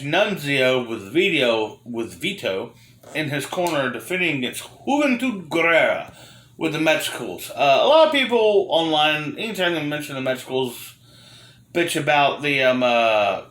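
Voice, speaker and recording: Casual male reviewer, slightly high, bright tone, frank and rambling, roomy echo. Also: big pitch swings, normal speed. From Florida. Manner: rambling, many fillers and restarts, frank. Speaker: wrestling reviewer.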